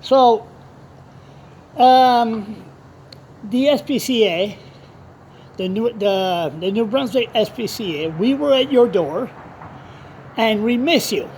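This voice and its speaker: Male blogger, outdoor vlog storyteller, rambling and swear-prone, lively pitch. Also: slow, pauses often, slight background noise. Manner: rambling, animated, swears freely.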